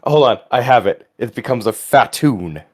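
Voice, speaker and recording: A man co-hosting a casual podcast chat, giggly and excitable, swearing now and then. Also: medium pitch, normal speed. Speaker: podcast co-host.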